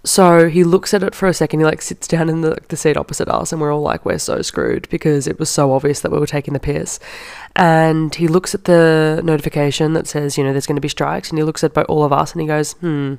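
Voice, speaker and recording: A woman's voice: low voice, steady tone, fast, gravelly, a little mellow, no echo, clean studio sound. A young woman, hosting a podcast and telling a casual story in a chatty way, often saying "like". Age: young adult. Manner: chatty, heavy use of "like". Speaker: podcast host.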